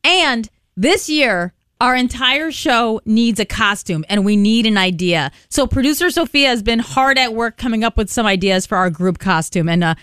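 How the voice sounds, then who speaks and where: A woman co-hosting a radio morning show, upbeat and excitable as she runs the segments. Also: on the high side, moderate pace, hardly any pauses, clean tone, no room sound, studio quality. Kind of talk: casual on-air banter. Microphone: studio microphone.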